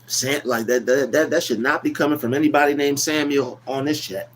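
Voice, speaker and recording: A man's voice: medium pitch, fairly quick, slight background noise. A man hosting a casual motivational livestream, talking in a loose, repetitive, preachy way about affirmations. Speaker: livestream host.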